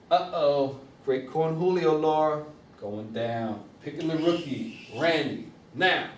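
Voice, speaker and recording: A man's voice: medium pitch, slow pace, slight background noise. A young man, a league commissioner, running through fantasy football picks in a joking, upbeat casual rundown. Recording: echoey room, mic at a distance.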